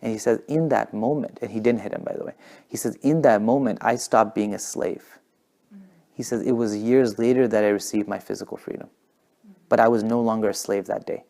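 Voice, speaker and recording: A man telling stories in a casual talk, talking fast and animated, sometimes dropping to a whisper for effect. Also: lowish voice, creaky. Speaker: guest speaker.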